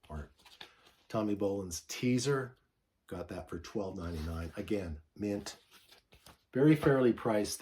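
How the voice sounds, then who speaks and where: A middle-aged man with a deep voice chats about his records in a relaxed, meandering way. He pauses often with uh and restarts his sentences. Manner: relaxed, rambling, frequent uh fillers. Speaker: record collector vlogger. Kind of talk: casual show-and-tell vlog.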